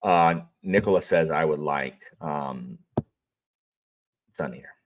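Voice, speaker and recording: A man's voice: a bass voice, slow pace, dull audio. A man chatting casually on a livestream, rambling with many fillers and restarts as he greets viewers and talks about what he is reading. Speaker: audiobook narrator and livestream host.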